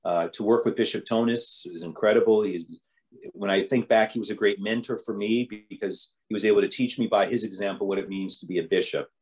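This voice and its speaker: An older man, a bishop, tells stories from his life in an interview. His voice is fairly low, and he meanders with restarts and fillers. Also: brisk, a little mellow. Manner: rambling, with frequent restarts and fillers. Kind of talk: storytelling in an interview.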